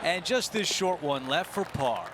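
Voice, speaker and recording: An actor playing a male golf broadcaster in a video game, with smooth scripted commentary. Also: on the high side, lively intonation, a little slow, heavy background noise.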